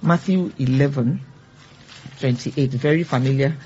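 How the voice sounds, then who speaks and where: A woman's voice: rumbling low, unhurried, warm tone, dull audio, a little hiss or hum. A woman leading a church Bible teaching, earnest and growing fervent as she exhorts her listeners. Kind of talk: church teaching with call-and-response.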